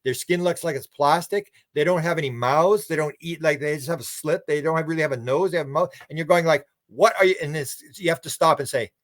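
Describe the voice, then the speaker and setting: A man's voice: on the high side, fast talker, hardly any pauses, no room sound, studio quality. A man who is a guest on a podcast. He tells stories in a rambling, casual way, restarts his words and acts out what other people said. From Canada. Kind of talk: casual conversational storytelling.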